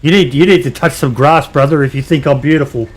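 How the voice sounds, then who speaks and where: This is an Australian man streaming a game, talking loosely with his audience as he plays. He sits a little higher in pitch than most men. His tone stays easygoing and chatty, with the odd aside to the viewers in his chat. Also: fast. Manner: laid-back, chatty, reads chat aloud and answers viewers. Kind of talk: casual chat while playing.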